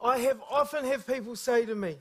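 A man preaches a sermon, telling humorous stories with lively, energetic delivery. His voice sits notably high for a man, and he talks like an animated storyteller in front of a congregation. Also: brisk. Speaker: guest preacher.

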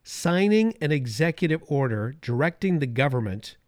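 A man's voice: fairly high pitch, very animated, normal speed, a little mellow, no room sound, clean studio sound. Emphatic talk radio host, man. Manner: emphatic, repetitive, sarcastic asides. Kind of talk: opinionated talk radio monologue. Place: radio studio.

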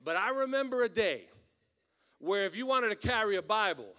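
Male pastor, upper-middle pitch, lively storyteller who drops jokes into his sermon. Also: normal speed. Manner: animated storytelling with humorous asides.

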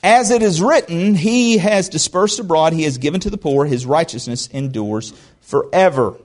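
Male preacher, high voice, folksy and joking, stumbles into restarts, church sermon. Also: lively intonation, normal speed. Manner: folksy, joking asides, repeats words when starting. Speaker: pastor.

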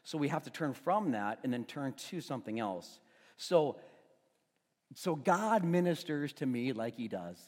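A man's voice: mid-range voice, very animated, unhurried. Man preaching in a reverberant hall. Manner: conversational storytelling, restarts, swells to loud emphasis. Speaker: pastor. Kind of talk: sermon. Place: church hall. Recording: long reverb of a church hall, faint music.

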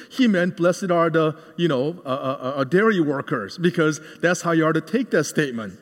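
A man's voice: high voice, fairly quick, few pauses. Guy giving a sermon, keeps asking the crowd questions, swoopy voice. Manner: animated, asks the congregation questions. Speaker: guest preacher. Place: church hall. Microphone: cordless microphone. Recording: reverberant hall.

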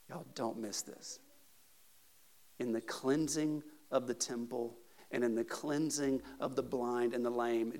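A male pastor preaching a sermon, moving between casual asides and loud, emphatic peaks. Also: medium pitch.

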